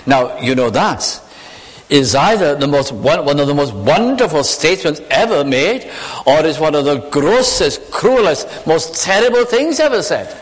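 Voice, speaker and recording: A man preaching a sermon, shifting between hushed, low passages and raised, urgent ones. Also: expressive, moderate pace. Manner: dramatic swings between hushed and raised delivery. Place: church. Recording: echoey hall with long reverb.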